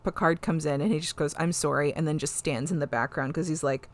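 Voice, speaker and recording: A woman hosting a podcast, retelling a TV episode in a casual, animated way and swearing freely. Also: deep voice, fast. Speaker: podcast host. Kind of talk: casual chat recapping an episode.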